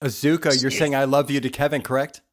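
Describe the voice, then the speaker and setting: A man hosting a live stream, chatting playfully, laughing often and softly repeating short phrases. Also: mid-range voice, little pitch movement, fast. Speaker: livestream host running spirit sessions. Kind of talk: live casual commentary.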